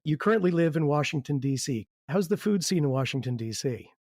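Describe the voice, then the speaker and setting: A man hosting a podcast interview, asking long, measured questions. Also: fairly high pitch, lively intonation, darkish tone, dry recording, clean studio sound. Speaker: podcast host.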